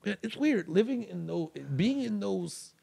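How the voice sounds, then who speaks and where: A man's voice: high voice, lively intonation, a little slow, gravelly, dark tone, husky, no room sound, clean studio sound. A male comedian guest on a podcast telling a story in a loose, rambling way with many restarts. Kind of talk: casual storytelling.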